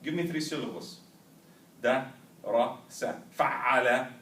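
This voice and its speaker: In a medium-pitched, expressive voice at normal speed, a man runs a language class, having students repeat after him and checking with "right?" and "understood?". The far camera produces a roomy, distant classroom recording.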